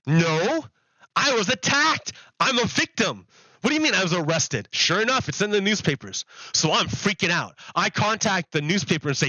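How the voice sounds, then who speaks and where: A man with a high, bright voice tells a story to his stream viewers, rambling and circling back over the same points. The mic sounds close and dry, with a slightly dull, lo-fi edge. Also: expressive, normal speed, dry recording. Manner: rambling, repeats himself, laughs at the absurdity. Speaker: livestreamer.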